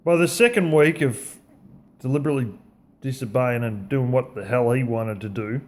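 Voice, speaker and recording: A man's voice: medium pitch, normal speed. A man with an Australian accent giving a blunt, profane motivational rant in a casual, conversational way. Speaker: vlogger.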